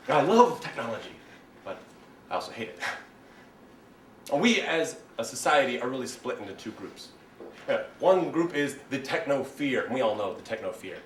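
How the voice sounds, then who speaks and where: A young man giving a comic, animated oral interpretation performance in a competition. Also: on the high side, fairly quick, a little hiss or hum. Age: young adult. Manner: animated, comic, exaggerated storytelling. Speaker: speech competitor. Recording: roomy hall, distant mic, faint ambience.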